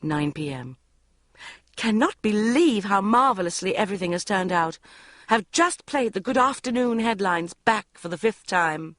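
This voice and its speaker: A woman's voice: medium pitch, expressive, normal speed, a bit bright, dry recording. A woman narrating a comic first-person diary audiobook in a wry, self-mocking way.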